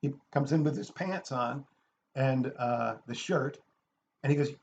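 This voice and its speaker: A man telling a personal anecdote in a lively way, acting out the people in it. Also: mid-range voice, a little slow, vocal fry, lo-fi sound, slight background noise. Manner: animated, acts out the people in his story. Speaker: storyteller. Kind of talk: anecdote told aloud.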